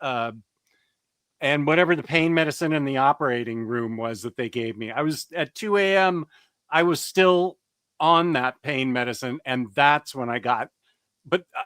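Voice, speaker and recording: A man hosting a relaxed comics chat who tells his stories with dry humor. His voice sits a little high, and the close, dry recording keeps it intimate. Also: smooth, no room sound. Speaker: comics show host. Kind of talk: casual chat.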